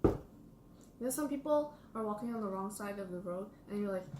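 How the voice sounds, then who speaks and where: A woman's voice: mid-range voice, animated, normal speed, a little mellow, distant mic, slight background noise. A young woman vlogger in casual chat, rambling through stories. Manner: rambling storyteller. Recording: echoey room, off-mic, guitar music.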